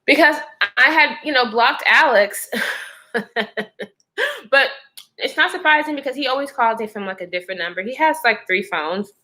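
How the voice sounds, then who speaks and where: A pregnant woman chatting to her viewers, telling a personal story in a lively, expressive way. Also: high-pitched, moderate pace, long pauses. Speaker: vlogger. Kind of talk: casual storytime chat.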